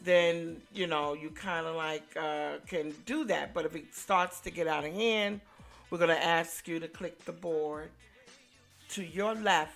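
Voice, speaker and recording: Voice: medium pitch, steady tone, a little slow, creaky, fairly bright tone, soft background music. A talk show host opening the show in laid-back, rambling chat.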